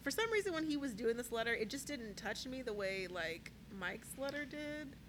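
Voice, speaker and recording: A woman's voice: a little high, lively intonation, normal speed, noisy background. A woman co-hosting a casual chat, recapping a reality show, laughing often and full of "like" and "um". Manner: chatty, laughs often, says "like" and "um". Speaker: podcast co-host.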